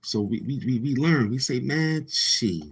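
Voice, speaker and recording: A man hosting a livestream rants casually in a medium-pitched, brisk voice that is a little mellow and slightly rough. He goes loosely, restarting sentences and mocking the voices he quotes.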